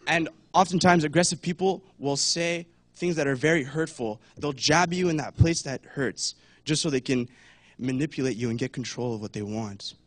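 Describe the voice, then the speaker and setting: A man's voice: a little high, moderate pace, dry recording. A young man giving a casual talk at church, chatty, with many fillers, and acting out voices now and then. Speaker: church speaker.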